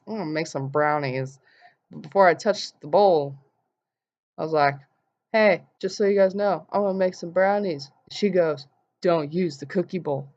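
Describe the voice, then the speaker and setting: A young woman vlogger telling an animated story and acting out the quotes in voices. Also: on the low side, moderate pace. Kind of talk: casual storytelling vlog. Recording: dull lo-fi sound.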